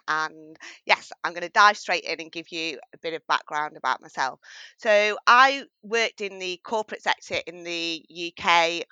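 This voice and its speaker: Bright northern English woman guest. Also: fairly low pitch, smooth, no echo, poor audio. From northwest England. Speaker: podcast guest. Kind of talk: interview conversation.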